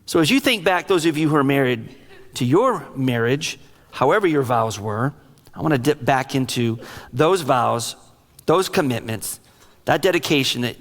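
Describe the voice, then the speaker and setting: A middle-aged man preaching a sermon as a pastor, telling stories in an emotional, animated way. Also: medium pitch. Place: large church sanctuary. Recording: long reverb of a large hall.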